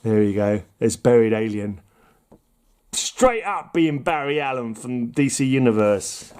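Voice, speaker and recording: A man's voice: medium pitch, lively intonation, a little slow, darkish tone. A man casually chatting about comic books on his channel, rambling and jokey with frequent giggles. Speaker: comic book collector vlogger. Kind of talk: casual chat.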